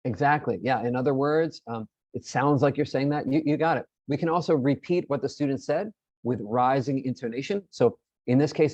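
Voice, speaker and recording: A man's voice: medium pitch, a little mellow, dry recording, muffled recording. A man presenting an online teacher-training session, explaining in a friendly way and often repeating his words.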